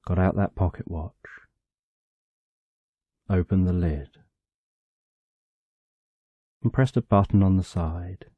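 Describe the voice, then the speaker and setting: A man narrates a bedtime story for sleep in a calm, unhurried way, pausing at length between short phrases. His voice sits low and very dark, with an unhurried pace. The recording is dry and a little dull. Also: slightly rough, dry recording. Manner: calm, drawn out, short phrases with long pauses.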